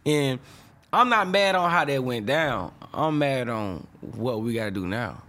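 In an interview, a young music producer speaks a little slowly in a mid-range, sharp-toned voice that's still animated. His talk is casual, emotional and rambling, packed with slang fillers and restarts.

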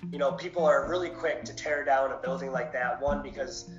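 A man, a paranormal society owner, casually telling his ghost-hunting stories in an interview, animated with many fillers. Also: mid-range voice, brisk, roomy sound, dull audio, soft background music.

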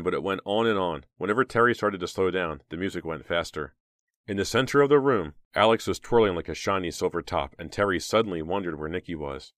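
A man with a very low, deep voice reads a horror audiobook in a steady, measured way. The sound is dry and close, with no room around it. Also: no echo. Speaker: audiobook narrator. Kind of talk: audiobook narration.

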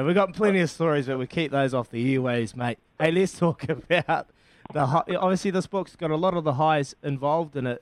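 A man's voice: fairly high pitch, no echo. A man, a former rugby player hosting a casual interview, joking and matey.

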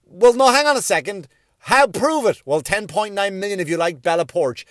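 A man ranting profanely from inside his parked car, often rising to angry shouting. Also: high voice, animated, moderate pace, no echo, studio quality. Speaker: podcast host. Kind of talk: profane comedic rant.

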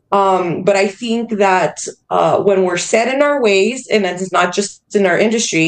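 A woman massage therapist as a podcast guest, talking thoughtfully with frequent fillers. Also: mid-range voice. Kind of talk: casual podcast chat.

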